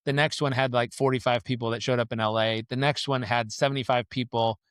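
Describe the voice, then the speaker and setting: A man telling stories as a guest on a podcast interview, lively and acting out the people in his stories. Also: medium pitch, fairly quick, clear, resonant tone, no echo, studio quality. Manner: animated storyteller who acts out the people in his stories.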